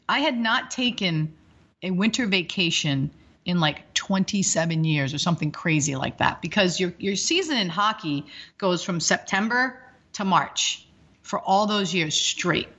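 A woman's voice: mid-range voice, moderate pace, highs cut off. A woman in her fifties, a hockey coach, chatting energetically as an interview guest and telling rambling stories. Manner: energetic, rambling, animated storytelling. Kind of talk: casual interview chat.

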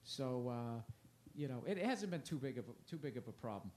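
A man's voice: mid-range voice, lively intonation, brisk, darkish tone, slight background noise. A man, a stand-up comedian on a podcast, talking in a long-winded, rambling way and swearing casually.

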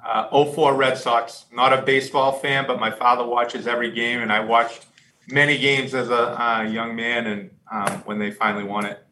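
A man in casual chat, reflective and halting. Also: medium pitch, little pitch movement, pushed and bright, far from the mic, a little hiss or hum, poor audio.

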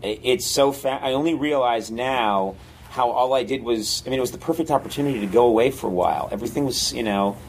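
A comedy writer chats casually, spinning rambling, animated stories full of fillers. His voice sits in an ordinary middle pitch. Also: quick pace, slight background noise. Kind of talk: casual podcast chat.

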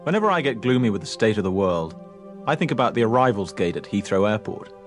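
An actor voicing a middle-aged British prime minister in a gentle, reflective film voiceover. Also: male voice, on the low side, big pitch swings, quick pace, faint music behind.

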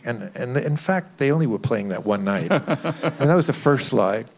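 An older man, a record producer, telling lively anecdotes in an interview, acting out quotes and chuckling. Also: mid-range voice, moderate pace. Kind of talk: interview storytelling.

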